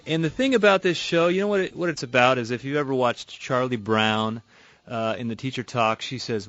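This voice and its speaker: A man hosting a radio call-in show, speaking at a middling pitch in a loose, conversational way, often repeating and restarting phrases. The sound is dry with no room echo, and slightly dull, as if taken from a radio broadcast. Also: fairly quick, fairly bright tone. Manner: conversational, repeats words and restarts, laughs easily. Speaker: radio show host and auto repair shop owner. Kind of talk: casual radio call-in chat. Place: radio studio. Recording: muffled radio broadcast audio.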